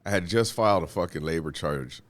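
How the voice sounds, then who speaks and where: A man, a union steward guest, telling work stories in a casual, profane and animated way, acting out what people said. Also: low-pitched, fairly quick. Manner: profane, animated, acts out quotes. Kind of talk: casual storytelling.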